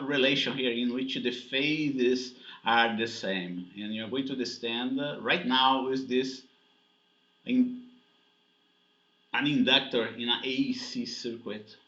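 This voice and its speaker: A man's voice: mid-range voice, pushed and bright. A man teaching a physics lesson, explaining step by step and often checking in with "okay?" and "right?". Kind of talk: classroom lecture. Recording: echoey dull lecture recording.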